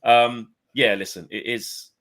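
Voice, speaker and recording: A man's voice: medium pitch, fairly even intonation, takes it slowly, fairly bright tone. A man in his thirties co-hosting a casual chat show, bantering and calling his co-host "mate". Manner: chatty, banter-heavy, repeats "mate".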